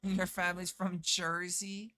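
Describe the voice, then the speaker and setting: A woman's voice: lowish voice, level tone, measured pace, pushed and bright. A woman game streamer chatting casually on a live stream, swearing freely and answering her chat.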